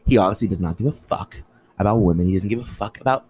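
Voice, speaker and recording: A man's voice: lowish voice, fast, a little mellow, a little hiss or hum, low-quality recording. A young man hosting a solo podcast, ranting in an impassioned, angry way with lots of swearing. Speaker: podcast host.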